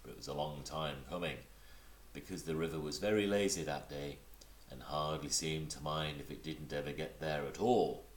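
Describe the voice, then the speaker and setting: A man reading a children's storybook aloud in an animated way, now and then slipping and correcting himself. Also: extremely low pitch, normal speed, slight background noise. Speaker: reader. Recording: roomy echo.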